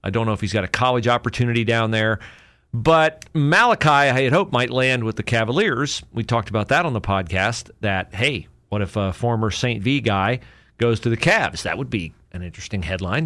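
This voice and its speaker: A man's voice: on the low side, expressive, fairly quick, a bit bright, no room sound. A man hosting a podcast alone, rambling through sports memories with fillers and self-corrections. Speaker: podcast host. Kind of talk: casual solo podcast talk.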